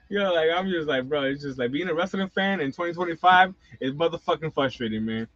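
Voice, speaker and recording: A middle-aged man with a somewhat high voice runs a casual live-stream rant, swearing freely and tossing in slangy asides. The sound is dull and lo-fi, very dry with no room around it. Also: lively intonation, a little fast, fairly bright tone, no echo. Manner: profane, exasperated ranting with slangy asides. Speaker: wrestling channel host.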